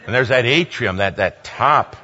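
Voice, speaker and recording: A man telling a humorous personal story in an animated way, acting out the people in it. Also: medium pitch, normal speed, highs cut off. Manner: animated, acts out quoted voices, repeats himself.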